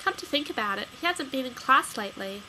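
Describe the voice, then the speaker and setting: A woman reads a children's spooky gamebook aloud in a bright, fairly high voice. She gives the lines lively emphasis as she narrates. A faint noise sits under the recording. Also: fast, low-quality recording. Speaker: storyteller.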